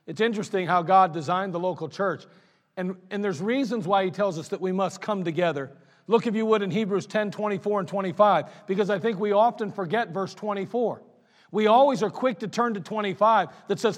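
A man's voice: high voice, a little fast. A male pastor preaching a sermon, emphatic, with repeated phrases and a folksy storytelling manner. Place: church sanctuary. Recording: reverberant church hall.

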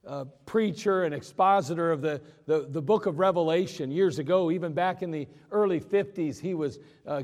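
Guy preaching, folksy and jokey, higher voice, big echoey hall. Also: darkish tone. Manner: folksy, joking asides, emphatic slowdowns. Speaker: pastor. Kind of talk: sermon.

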